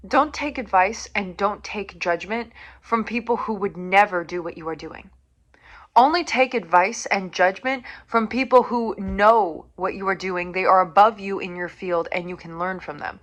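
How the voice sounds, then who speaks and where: A woman's voice: medium pitch, unhurried, fairly bright tone. Blunt, swearing woman on a rant. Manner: blunt, profane and emphatic; sarcastic. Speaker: podcast host. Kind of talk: motivational rant.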